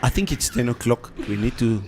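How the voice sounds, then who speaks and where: A man over fifty co-hosts a studio radio show, reading listener comments between bursts of laughter and switching between English and Afrikaans. His mid-pitched voice is lively and brisk, with a noisy background.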